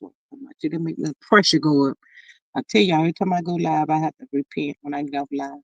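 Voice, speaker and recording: A woman's voice: low-pitched, expressive, quick pace, vocal fry, no room sound. A woman hosting a live stream, reading viewers' comments aloud in a folksy, sighing way and calling them "child" and "y'all". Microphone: streaming setup. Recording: dry, dull lo-fi stream audio.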